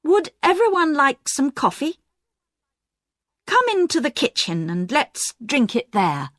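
A polite young daughter, tense but courteous, read by a woman. Her voice lifts a little higher than the narration, and the delivery is slow and careful. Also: wildly swooping pitch, a bit bright, dry recording, clean studio sound, exaggerated voice.

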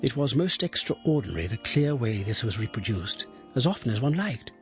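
A man reading aloud a letter as a formal Victorian royal secretary, measured and precise. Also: medium pitch, very animated, soft background music, natural voice.

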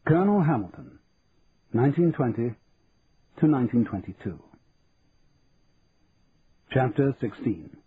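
A man reading an audiobook in an even, measured storytelling manner, over a tinny line with faint hiss. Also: mid-range voice, slightly rough. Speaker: audiobook narrator. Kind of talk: scripted audiobook narration.

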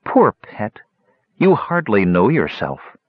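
A man's voice: lowish voice, wildly swooping pitch, takes it slowly, husky, no room sound, narrow, tinny audio, exaggerated voice. A man voicing a cold, contemptuous female spirit in an audiobook, with a purring, scornful delivery. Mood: cold contempt.

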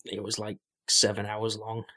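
A young man with a lowish voice, chatting casually as a podcast co-host. He rambles with many fillers and restarts, talking about whatever comes to mind. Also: completely flat delivery, normal speed, sharp tone. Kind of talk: casual chat.

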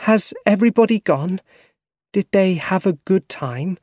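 A weary old widowed aunt, as a male reader puts her on, voice pitched way up and wavering, slow and tearful, told like a storybook in a dead-dry room. she sounds tired and worn down by grief. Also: lively intonation, a little mellow, no echo. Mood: drowsy, weary.

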